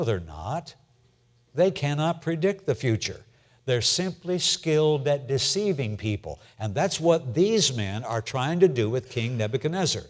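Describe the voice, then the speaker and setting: Plain-spoken older preacher man. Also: medium pitch. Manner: plain-spoken, asks the room questions, repeats key points. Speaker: preacher teaching a Bible class. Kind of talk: conversational Bible lesson. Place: church classroom.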